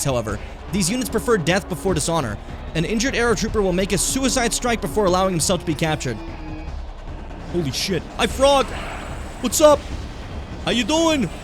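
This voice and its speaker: Tired dude in his late 20s streaming a game, kinda high voice, swears a lot, trips over reading the text, faint game music behind. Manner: swears casually, reads game text aloud and stumbles over words. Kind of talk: casual gameplay commentary.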